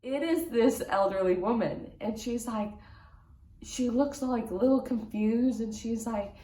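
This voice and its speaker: A woman's voice: a little high, moderate pace. A young woman vlogger telling a faith story in a casual, chatty way, full of "like". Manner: chatty, lots of "like", excited retelling. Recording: echoey room.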